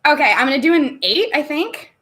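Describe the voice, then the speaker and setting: A bubbly woman talks casually to her livestream viewers. Her voice sits a little on the high side, and she laughs easily and chats freely. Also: sing-song, brisk, a bit bright. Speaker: livestream host. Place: home room.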